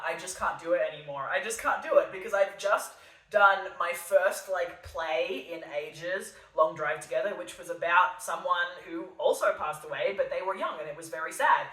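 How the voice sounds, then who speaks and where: Sardonic woman, bright and roomy. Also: lowish voice, moderate pace, distant mic. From Australia. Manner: sardonic, darkly self-mocking. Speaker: podcast host. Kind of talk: solo monologue podcast addressed to an absent listener. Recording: roomy sound from off the mic.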